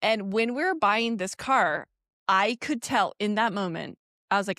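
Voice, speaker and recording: In clean, studio-quality audio with no room sound, a woman in her forties speaks unhurriedly at medium pitch. Co-hosting a podcast, she relates a personal story animatedly, laughing a lot and performing the quoted dialogue.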